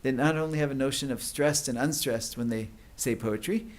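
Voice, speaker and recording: A man's voice: mid-range voice, fairly quick. Man giving a conference lecture. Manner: explanatory, with frequent fillers and restarts. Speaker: conference speaker. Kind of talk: academic lecture.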